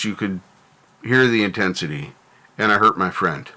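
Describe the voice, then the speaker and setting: A man streaming, talking candidly and reflectively about his life, halting with fillers and restarts. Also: low-pitched, expressive, sharp tone. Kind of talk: candid personal talk on stream.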